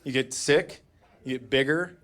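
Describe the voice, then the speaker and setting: A man doing stand-up comedy on stage, profane and sardonic, with dry deadpan asides. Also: mid-range voice, unhurried. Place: comedy stage before a live audience. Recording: live audience laughter throughout.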